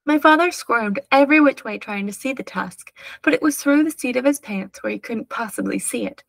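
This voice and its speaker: A woman reading a children's chapter book aloud with clear, steady storytelling. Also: a little high, fairly quick, no room sound. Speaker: storybook reader.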